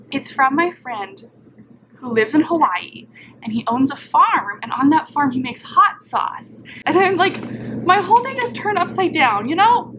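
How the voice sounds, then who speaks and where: Young woman, high voice, casual vlog chatter, rambling with fillers, faint background hum. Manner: rambling, lots of "like" fillers, animated. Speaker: vlogger. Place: apartment, indoors.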